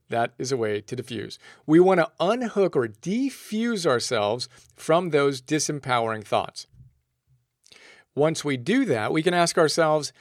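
A man's voice: on the high side, very animated, moderate pace, no room sound, studio quality. A man narrating a self-help book summary in an upbeat, playful way.

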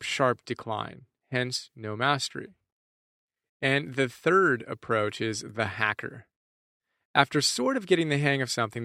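A man's voice: mid-range voice, pushed and bright, no echo, clean studio sound. A man in earnest, reflective scripted narration of a lesson, often putting questions to the listener. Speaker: teacher presenting book ideas.

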